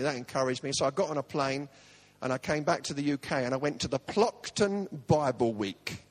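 A man's voice: medium pitch, fairly quick. A man preaching a humorous sermon, telling stories with self-mocking comic asides.

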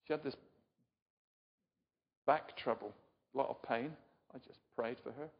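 The voice is mid-range, unhurried, creaky, and slightly rough, belonging to an older Englishman delivering a relaxed, chatty sermon. He jokes at his own expense and questions the audience often. Sound is muffled, in a hall with lots of reverberation.

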